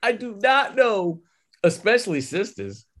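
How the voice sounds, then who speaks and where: Animated, profane man with a lively voice. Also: sits high, measured pace, crowd noise. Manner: animated, profane, acts out quotes. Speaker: podcast co-host. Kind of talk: casual film chat.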